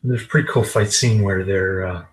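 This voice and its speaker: A man giving a casual spoken film review in a halting, meandering way. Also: low-pitched, steady tone, rough recording.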